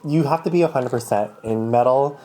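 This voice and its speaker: A man's voice: mid-range voice, brisk, soft background music. A man chatting as a gossipy guest co-host. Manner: animated and gossipy, lots of likes. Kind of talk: casual recap chat.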